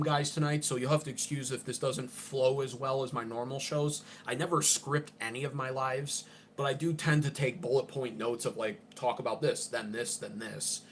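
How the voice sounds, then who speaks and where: A man's voice: medium pitch, fairly bright tone, a little hiss or hum. A man under forty, hosting an unscripted political livestream in an abrasive, profane, ranting way.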